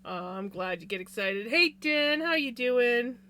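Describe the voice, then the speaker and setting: A woman's voice: on the high side, lively intonation, unhurried, pushed and bright, a little hiss or hum. A woman streamer chatting casually with her viewers while she crochets, greeting them by name and yawning now and then. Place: home room with a fan. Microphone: desk microphone.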